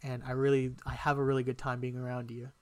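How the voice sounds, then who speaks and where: A young man casually telling a personal story on a podcast, animated and emotional, swearing often. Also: medium pitch, quick pace, clean tone, no room sound. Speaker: podcast co-host.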